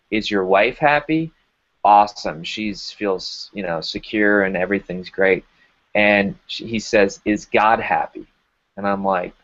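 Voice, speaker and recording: A man's voice: lowish voice, dull audio. A man being interviewed, telling a personal story with energy and acting out the dialogue. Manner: energetic, emphatic storyteller who acts out dialogue. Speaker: guest.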